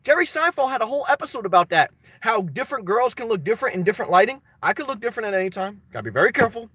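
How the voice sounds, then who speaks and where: A man chatting casually on a livestream, greeting viewers by name and rambling through anecdotes with sudden animated shouts. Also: high-pitched, very fast, breathy edge. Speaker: vlogger reading live chat.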